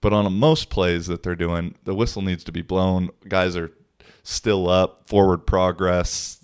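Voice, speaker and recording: A man's voice: low-pitched, fairly even intonation, a little slow, clear, resonant tone, no room sound, studio quality. A man, hosting a casual podcast and telling a rambling story with swearing and laughs. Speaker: podcast host. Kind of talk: casual solo podcast talk.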